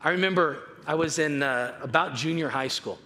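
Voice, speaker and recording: This Californian pastor gives a conversational sermon in a fairly high, bright, forceful voice at a normal speed. He's chatty, tells stories, and repeats himself often. The recording catches the reverb of a church auditorium along with faint noise.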